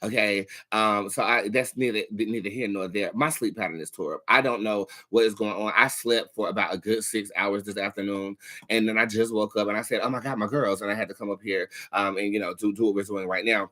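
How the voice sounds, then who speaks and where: Young guy running a tarot live, swears a lot, talks loose and chatty, kinda low voice. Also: fairly even intonation, a little fast, sharp tone. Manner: profane, candid and chatty. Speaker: tarot reader hosting a livestream. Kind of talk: casual livestream chat.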